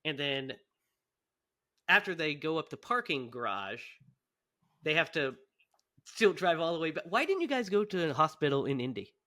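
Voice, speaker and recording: A man co-hosting a casual podcast with a bright, slightly raised voice. He teases his co-host and keeps things easygoing while signing off the episode. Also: fairly high pitch, very animated, normal speed, long pauses. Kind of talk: casual chat.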